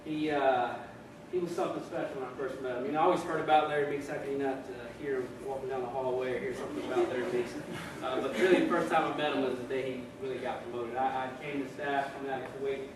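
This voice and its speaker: A man's voice: medium pitch, fairly even intonation, fast talker, hardly any pauses. Echoey, far-off man telling stories at a ceremony. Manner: storytelling, repeats words, laughs often. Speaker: officer giving a retirement speech. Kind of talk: informal ceremony speech. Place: ceremony room, speaking before an audience. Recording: echoey room, distant mic, background noise.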